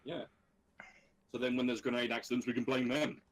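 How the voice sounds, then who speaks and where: A man's voice: mid-range voice, level tone, fairly quick, poor audio. A man playing a tabletop game over a voice call, joking and chatting casually, often trailing off mid-sentence. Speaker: player.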